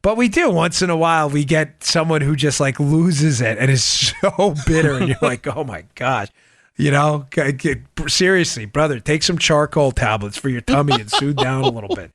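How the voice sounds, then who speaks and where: Male podcast host, sharp bright tone, mocking monologue. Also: fairly high pitch, no room sound, studio quality. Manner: animated, mocking quoted voices, quick asides. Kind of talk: political talk show monologue.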